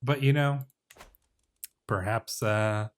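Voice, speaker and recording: A man's voice: lowish voice, slow pace. A man narrating his strategy game in character as a ruler, musing aloud, correcting himself and reading event text in a slightly theatrical voice. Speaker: game let's player. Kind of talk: role-play commentary on a strategy game.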